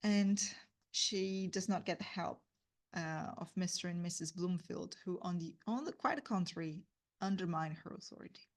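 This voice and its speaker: A woman teaches a guided reading lesson on a classic novel. She talks in a fairly low voice, thinking aloud with fillers and frequent checks on her listeners. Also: normal speed. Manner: explains with fillers and rhetorical "right?". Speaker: literature teacher.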